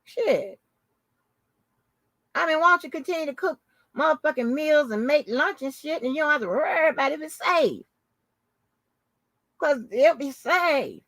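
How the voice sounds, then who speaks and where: A woman hosting her own channel, telling a story in a casual, animated, profane and mocking way. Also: high-pitched, a little slow, long pauses, no echo. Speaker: channel host. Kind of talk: casual live-stream commentary.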